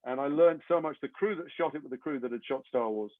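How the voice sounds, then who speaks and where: An English actor being interviewed, telling long rambling anecdotes with self-deprecating humor. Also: male voice, mid-range voice, fast talker, no room sound. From England. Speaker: actor guest. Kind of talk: interview storytelling. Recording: tinny phone-like line, dry.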